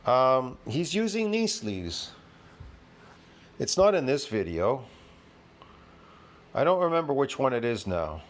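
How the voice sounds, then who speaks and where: Man in his fifties, reaction commentary, profane, rambling, argumentative, lecturing, keeps asking if you understand, middle-pitched voice. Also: very animated, slow pace, pauses often. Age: 50s. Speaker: fitness commentator reacting to a video.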